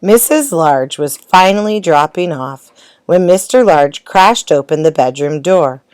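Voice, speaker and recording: Woman storyteller, picture-book read-aloud, unhurried and expressive, low pitch. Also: clear, resonant tone, no room sound. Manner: slow, gentle, expressive. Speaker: storybook reader.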